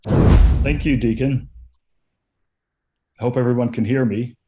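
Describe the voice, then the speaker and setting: A man in his fifties, a guest policy consultant speaking on a webinar, measured and full of hesitant fillers. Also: medium pitch, fairly even intonation, very noisy. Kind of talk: webinar talk.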